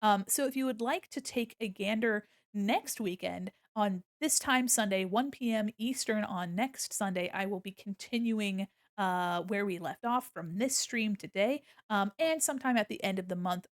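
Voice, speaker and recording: A woman streamer in casual live-stream chat, playfully yelling mock insults at her chat between friendly thank-yous. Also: medium pitch, moderate pace, few pauses, no room sound, studio quality.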